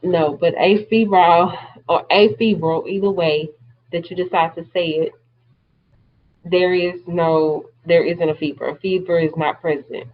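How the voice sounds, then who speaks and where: A woman's voice: on the low side, fairly even intonation, moderate pace, dull audio. A woman teaching a class, explaining terms step by step in a plain-spoken way. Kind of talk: classroom lecture.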